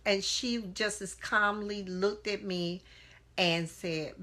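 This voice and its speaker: A woman's voice: medium pitch, fairly even intonation, takes it slowly, sharp tone. A woman speaking as an inspirational speaker on a live stream, earnest and full of rhetorical questions, greeting viewers by name. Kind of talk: motivational talk to live viewers.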